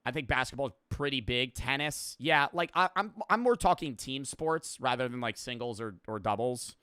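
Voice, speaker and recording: A man's voice: mid-range voice, animated, moderate pace, bright, forceful tone, clean tone. A young man streaming, reacting in casual, rambling and profane talk.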